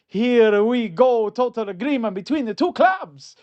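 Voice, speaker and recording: A man putting on an Italian football transfer reporter, all breathless hype and a thick Italian accent. The voice sits high and bursts out with announcement energy. The audio is dull and lo-fi. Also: expressive, measured pace, a little mellow. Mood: hyped. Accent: Italian, put on.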